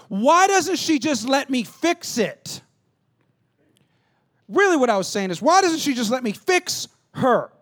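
A man preaching a sermon as pastor on a church stage, animated, with call-and-response asides and self-deprecating humor. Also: high voice. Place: church stage, on stage before a congregation.

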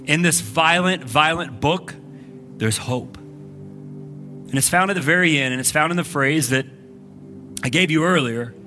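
A male pastor gives a lively, conversational sermon to a church congregation. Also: fairly high pitch, a little slow, long pauses, faint music behind. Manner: energetic, conversational preaching with frequent "like". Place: church sanctuary. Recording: live church service recording.

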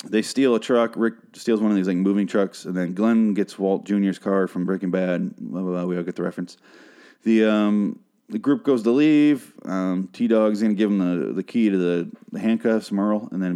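A man's voice: low voice, fairly even intonation, moderate pace, dark tone. A man hosting a solo podcast, recapping a TV episode in a profane, sarcastic rant with a frog in his throat.

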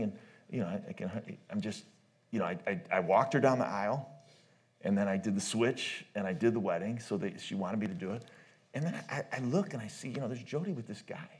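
A man's voice: lowish voice, darkish tone, husky. A middle-aged man speaking at a church marriage conference, telling personal stories in a loose, conversational sermon, often laughing at his own tales and restarting his sentences. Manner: loose, halting delivery with many restarts.

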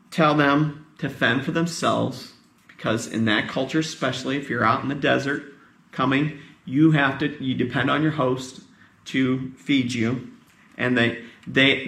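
A man's voice: medium pitch, creaky, bright, forceful tone, roomy sound. A male pastor giving a conversational sermon, tired, often asking his congregation questions.

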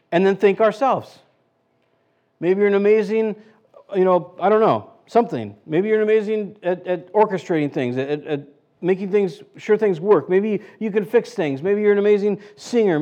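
Casting: male pastor with a high voice, relaxed conversational preaching, lots of rhetorical questions. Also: dull audio. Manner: chatty, rhetorical questions, frequent restarts. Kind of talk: conversational sermon.

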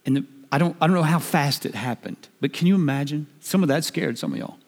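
A man preaching a sermon, emphatic and building to shouts. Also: fairly high pitch, expressive, quick pace, vocal fry. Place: church hall. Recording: long hall reverb.

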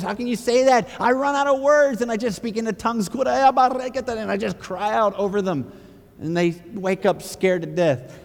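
A man preaching a sermon with passion, firing rhetorical questions and building to near-shouting. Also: high-pitched, normal speed, vocal fry, big-room sound.

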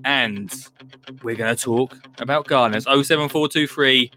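Speaking at an ordinary pace in a mid-range voice that sounds pushed and bright, a British man runs a live gardening show out of his home studio, with a little hiss or hum underneath. It's easygoing live-stream banter, full of self-mockery and frequent restarts.

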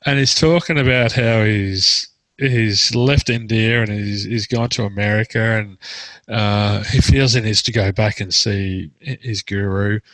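Bright-voiced man telling rambling stories. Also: on the low side, a little slow, no echo, low-quality recording. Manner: rambling storytelling with frequent laughter and restarts. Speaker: therapist. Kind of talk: casual podcast conversation.

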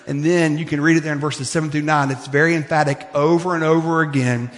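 A man preaching a sermon as pastor, with a conversational, animated manner and plenty of fillers. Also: a little high, quick pace, hardly any pauses. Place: church sanctuary. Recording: long reverb of a church hall.

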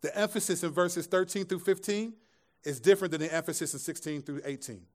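A man's voice: a little high, brisk, darkish tone. A man pastor giving a sermon to a live congregation in a conversational style, mixing scripture with jokes and asides. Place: church room with a live audience.

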